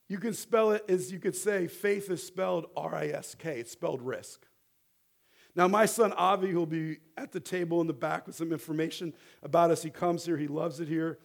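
A middle-aged man preaching a sermon as a rabbi, animated and building toward fervent exhortation, leading the congregation to repeat words back. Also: on the high side, gravelly. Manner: animated, rising to near-shouting exhortation; leads the congregation in call-and-response.

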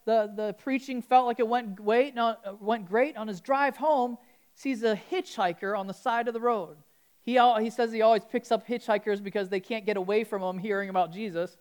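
A woman preacher with a fairly high voice, talking to her congregation in a loose, conversational way. She stumbles and restarts often, then picks up energy as she tells a story. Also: smooth. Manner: conversational, halting restarts, grows animated. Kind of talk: sermon storytelling.

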